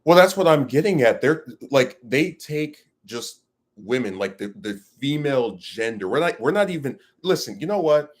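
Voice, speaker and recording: A man's voice: mid-range voice, very animated, moderate pace. A man giving ranting commentary to his audience, emphatic and rambling, with many restarts.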